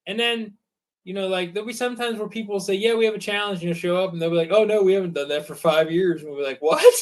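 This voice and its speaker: A man with a slightly higher voice, co-hosting a casual chat. He retells stories with energy and acts out other people's lines as he goes. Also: fairly even intonation, rapid-fire, rough recording. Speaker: co-host.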